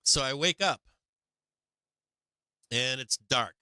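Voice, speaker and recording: A man with a very bright, smooth and crisp voice, telling a story on a live stream. He rambles, repeats himself and swears freely. The sound is dry and close. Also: mid-range voice, slow, no room sound, low-quality recording. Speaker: host of a live stock market show.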